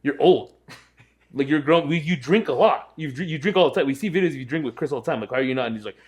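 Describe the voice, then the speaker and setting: A man's voice: a little high, quick pace. A young man co-hosting a podcast, telling a story in casual chat and acting out his friends' voices. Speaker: podcast co-host.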